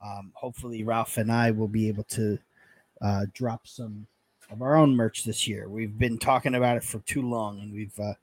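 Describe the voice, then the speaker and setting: A man's voice: lowish voice, steady tone, normal speed, no room sound. A man co-hosting a casual live football podcast, friendly and chatty. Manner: friendly, chatty, warm praise for fans. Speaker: podcast co-host. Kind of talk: casual live-stream chat.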